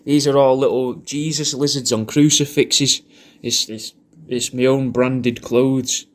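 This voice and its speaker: A comedian records a personalised video message, a crude comic birthday greeting that rambles and repeats itself. His medium-pitched voice stays unhurried and fairly even in intonation, and he puts on silly voices when quoting.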